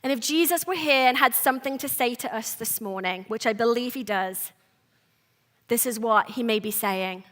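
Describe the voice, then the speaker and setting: A woman with a high, sharply bright voice delivers a sermon. She sounds to be in her thirties and talks to the congregation in an earnest, conversational way, pressing her points with emphasis. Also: normal speed. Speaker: preacher. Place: church service.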